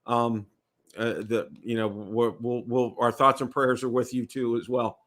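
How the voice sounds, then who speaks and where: Bright-voiced American man hosting a livestream. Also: mid-range voice, little pitch movement, measured pace. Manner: rambling, repeats words, checks in with "okay?". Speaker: livestream host. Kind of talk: casual livestream chat.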